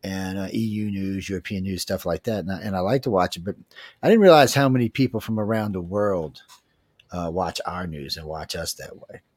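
Man, Cajun Southern accent, talk radio host, folksy, joking, low pitch. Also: a little fast, a little mellow, no echo. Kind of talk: casual talk-radio chat.

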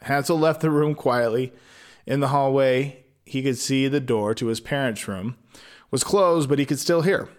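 A man's voice: medium pitch, moderate pace. A man reading a fairy tale aloud, breaking off into rambling, profane comic asides. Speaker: storyteller.

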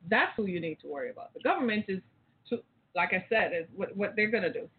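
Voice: mid-range voice, animated, fast talker, a little hiss or hum. Emphatic ranting caller on a tinny phone line. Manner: emphatic, rambling, repeats phrases, rhetorical questions. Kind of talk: impassioned talk-show rant.

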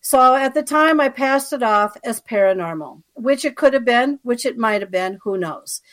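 A woman's voice: a little high, animated, moderate pace, fairly bright tone. Chatty woman telling her story. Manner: chatty, with frequent asides and filler; conversational, checking in with the listener. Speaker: interview guest. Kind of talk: personal storytelling.

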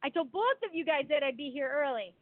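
A woman co-hosting a talk radio show, chatting in a bubbly, excitable way. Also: high-pitched, fast, no echo. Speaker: radio co-host. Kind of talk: casual talk radio chat. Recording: dry, phone-like lo-fi audio.

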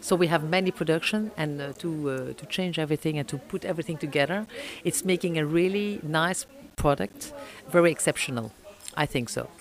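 A middle-aged woman with a French accent, speaking English as a second language, answering interview questions about running an oyster farm, pausing often with fillers and restarts. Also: deep voice. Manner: halting, many fillers and restarts.

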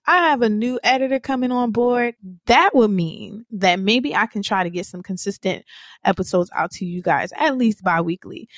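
A woman in her thirties hosting a podcast, chatting casually and rambling with her listeners, now and then guiding a slow breathing exercise. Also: medium pitch, no echo, clean studio sound. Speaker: podcast host.

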